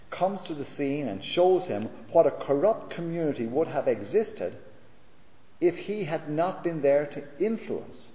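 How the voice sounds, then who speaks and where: A man preaching a sermon in a measured, emphatic way, with deliberate repetition. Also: medium pitch. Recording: echoey hall, dull lo-fi sound.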